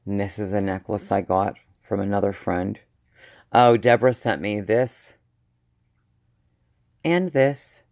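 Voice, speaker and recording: A man with a somewhat low voice rambles through a casual show-and-tell, trailing off and restarting his sentences. He speaks slowly, with a slight lisp and a slightly slurred edge to his words. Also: a little mellow. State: slurred speech. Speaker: vlogger.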